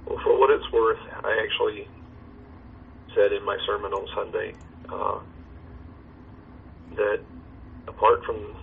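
A man who is a pastor, talking earnestly and in a measured way over a call, heard through a phone line. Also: fairly low pitch, flat delivery, gravelly. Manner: earnest, measured, reciting a hymn slowly. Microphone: phone or video call. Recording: tinny phone line with faint noise.

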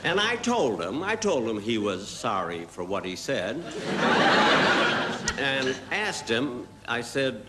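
A man telling a slow, deadpan comic story as a guest comedian on a TV variety show, full of pauses and asides. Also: mid-range voice. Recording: hissy 1970s TV broadcast recording.

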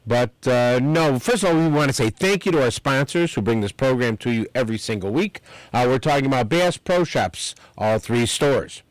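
Male outdoors radio host, rambling and lively, dry studio sound. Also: mid-range voice, dry recording, low-quality recording. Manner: chatty, rambling, repeats the phone number slowly. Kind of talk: live outdoors radio talk. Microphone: studio microphone.

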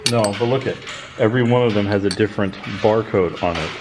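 A man's voice: fairly low pitch, fast talker. Matter-of-fact man in a noisy kitchen. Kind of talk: casual family chat. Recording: kitchen noise, dishes clattering.

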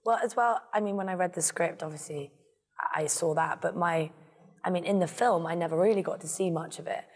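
A woman's voice: on the low side, fairly quick, in a large hall. A woman in her twenties, the guest in a casual interview, rambling with lots of fillers. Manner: rambling, filler-heavy, self-deprecating.

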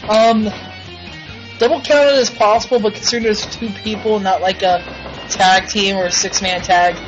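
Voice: mid-range voice, fairly even intonation, normal speed, soft background music. Ranting, foul-mouthed game show host. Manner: profane, ranting, frustrated. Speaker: host running a simulated wrestling show. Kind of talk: live play commentary. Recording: dull lo-fi recording.

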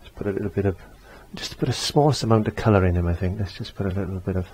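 A man's voice: low-pitched, rapid-fire, mellow, a little hiss or hum. A man giving a chatty step-by-step painting tutorial, repeating phrases as he works. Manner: chatty, repeats himself while working. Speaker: painting teacher.

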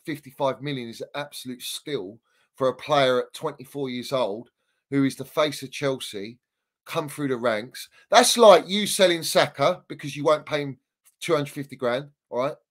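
A Chelsea fan appearing as a guest on a football podcast rants heatedly in casual debate, swearing freely and driving his points home through repetition. His voice is medium-pitched and moderately paced.

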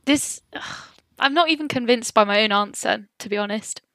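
A woman's voice: fairly high pitch, moderate pace, fairly bright tone, no echo. A woman, a guest on a podcast, chatting casually, giggling and teasing herself. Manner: giggly, self-deprecating.

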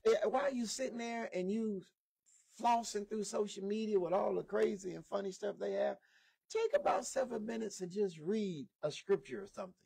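High-voiced man preaching emphatically. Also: lively intonation, moderate pace, gravelly, warm tone, slightly rough. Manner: emphatic, repeats key lines, call-and-response with listeners. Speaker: preacher and lead instructor. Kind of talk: sermon. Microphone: modest microphone.

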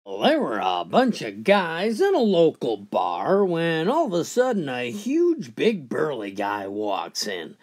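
A man narrating a funny joke story in an animated storytelling manner. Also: on the high side. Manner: animated, swooping storyteller delivery. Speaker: joke teller.

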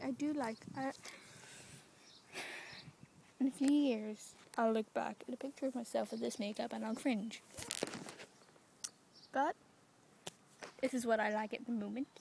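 A woman's voice: fairly high pitch, vocal fry, noisy background. Self-conscious girl murmuring into her phone outdoors. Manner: quiet, self-conscious, rambling, often drops to a whisper. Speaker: vlogger. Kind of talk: casual vlog to phone. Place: outdoors in public, residential street. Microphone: phone camera.

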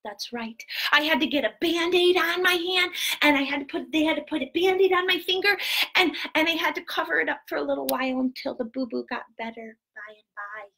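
On a children's storytelling live stream, a woman voices a very long-haired, talkative little girl from a playful storybook, speaking briskly in a very high, sparkling, bright voice. Giggly and dramatic, the character squeals at the exciting parts and whispers softly when sharing secrets.

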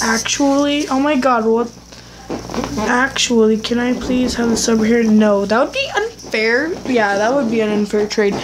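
A woman's voice: high voice, slight background noise, poor audio. A woman giving casual gameplay commentary for her channel, rambling and blunt as she talks to herself. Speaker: gaming YouTuber.

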